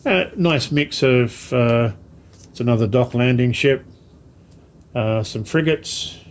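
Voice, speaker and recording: A man casually showing off a parcel of model ships to camera, rambling slowly with many ums and asides. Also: mid-range voice. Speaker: wargaming hobby vlogger. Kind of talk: casual unboxing chat to camera.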